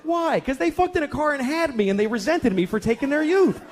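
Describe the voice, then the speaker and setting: A man's voice: high voice, wildly swooping pitch, slow, voice pushed up, full character voice. A man voicing his small daughter, who keeps asking why with insistent, repetitive questions. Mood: persistent.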